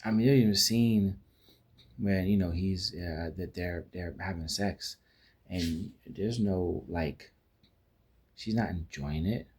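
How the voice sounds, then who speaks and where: A man's voice: deep voice, slow pace, a little mellow, breathy edge. A man giving a casual spoken film review, rambling with frequent restarts and fillers and acting out quoted lines as he retells scenes.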